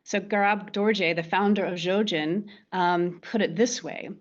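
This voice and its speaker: A woman leading a meditation class, giving a gentle dharma talk and often checking in with "right?" and "okay?". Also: medium pitch, steady tone, measured pace, dull audio. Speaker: meditation teacher.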